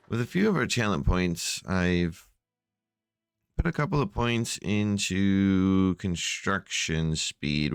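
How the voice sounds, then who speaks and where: A man's voice: deep voice, smooth, no echo, clean studio sound. A sleepy man casually narrating his strategy game, rambling with many fillers and yawns, at a desk microphone at home. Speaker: gameplay channel host.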